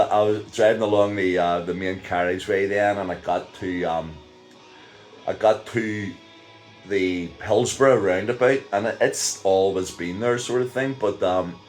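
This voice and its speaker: Older Northern Irish man, deep low voice, casual chuckling storyteller over faint music. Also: steady tone, unhurried. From Northern Ireland. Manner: rambling, chuckles often, many fillers. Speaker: vlogger.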